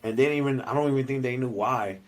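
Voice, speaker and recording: A man's voice: mid-range voice, fast talker, low-quality recording. A man co-hosting a podcast, telling stories casually and animatedly, swearing and acting out what people said. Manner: animated storyteller, profane, acts out quotes. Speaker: podcast co-host. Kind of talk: casual chat.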